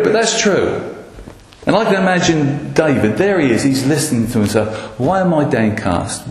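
A man preaching a sermon in an earnest way, often pausing with ums and restarts. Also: a little high. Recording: echoey hall with long reverb.

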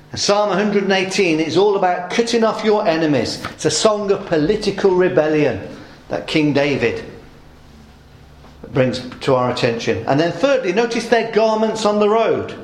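A man preaching a sermon, asking rhetorical questions and acting out the shouts of a crowd. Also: sits high, echoey room, a little hiss or hum.

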